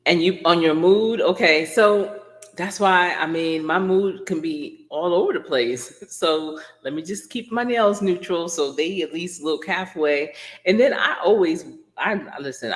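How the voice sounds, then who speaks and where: A woman's voice: sits low, normal speed. A woman coach chatting casually on a live stream. She rambles, laughs often and answers her viewers directly.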